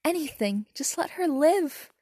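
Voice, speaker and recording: A woman's voice: on the high side, fairly quick, dark tone, no room sound, close to an everyday voice. A woman voicing a frantic young schoolboy wizard, speaking urgently and pleading, in a storybook reading.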